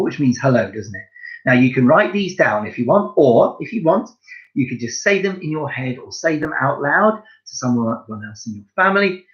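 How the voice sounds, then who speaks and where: The dull-sounding recording captures a medium-pitched male voice: a primary school French teacher giving young children a lesson at home. He speaks directly to them in an upbeat, encouraging way, heaping on praise.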